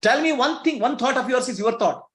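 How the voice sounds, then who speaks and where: An extremely high-pitched, brisk and slightly bright male voice gives a spiritual teaching talk in an echoey room. He asks his listeners rhetorical questions and chuckles between points.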